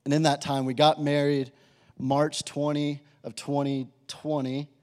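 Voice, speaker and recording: A young man sharing a personal testimony with a live audience, in a casual, animated way full of filler words. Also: a little high, a little slow. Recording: reverberant hall.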